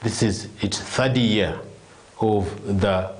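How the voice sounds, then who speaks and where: Speaking slowly in a lowish voice, a man explains world affairs at length as a commentator on a live talk show. He frequently restarts sentences and repeats words.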